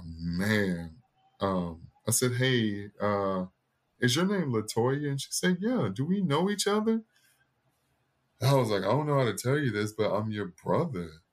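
A man in his thirties, a podcast guest, telling a personal family story in an earnest, candid way and acting out the voices of the people in it. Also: lowish voice.

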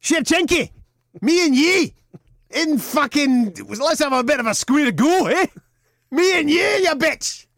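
A man voicing a brash young woman fighter with a Scottish accent, shouting aggressive trash talk at a rival. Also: very high voice, animated, measured pace, no echo, pitched above the performer's own voice, full character voice.

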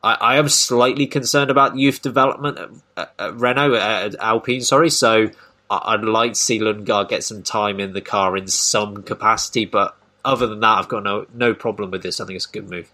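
A man's voice: fairly low pitch, a little fast, sharp tone. A man hosting a casual podcast discussion, thoughtful and given to restarts. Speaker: podcast host.

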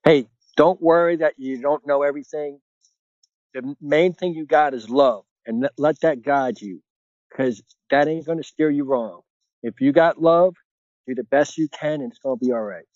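A man's voice: fairly high pitch, normal speed, a little mellow, dry recording, highs cut off. A middle-aged man speaking earnestly and casually as a podcast guest, rambling with many filler phrases. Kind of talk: casual conversational interview.

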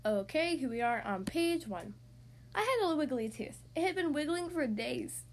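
A woman hosting a children's podcast, reading a picture book aloud in an expressive, animated way. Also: sits high, moderate pace. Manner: animated and expressive, acting out the characters. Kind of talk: storybook read-aloud.

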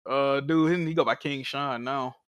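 A man chats in loose slang on a podcast while half focused on a game he is playing. His pitch is middling, and the sound is close and dry, with no room echo. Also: moderate pace. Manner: slangy, relaxed, distracted. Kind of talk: casual chat while playing a video game.

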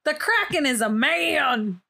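A woman's voice: on the high side, moderate pace, a bit bright. Giggly joking woman podcast co-host. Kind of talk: casual chat.

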